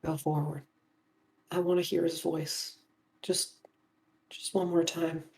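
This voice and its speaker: A woman voicing a grieving young woman who pleads softly and quietly. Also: deep voice, level tone, slow pace, creaky, echoey room, distant mic, slight background noise, voice pushed up, heavily acted. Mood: pleading. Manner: soft, pleading, tearful.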